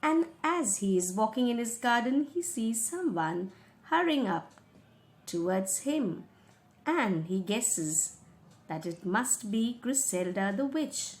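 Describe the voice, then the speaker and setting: Woman teacher, slow and patient explanations, fairly high voice. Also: animated. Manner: patient, paraphrases each passage in simple words. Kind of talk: explaining a school reading lesson.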